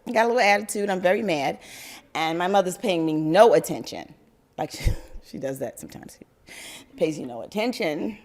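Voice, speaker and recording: An older woman from New York tells a personal story to an audience in an animated way, often breaking into laughter. Her voice sits slightly on the low side. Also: brisk.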